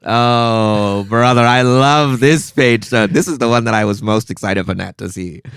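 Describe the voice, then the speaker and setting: A man's voice: mid-range voice, a little slow, fairly bright tone, smooth, no room sound, clean studio sound. A man co-hosting a podcast, talking enthusiastically about a comic and laughing a lot. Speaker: podcast co-host. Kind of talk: casual chat about comics.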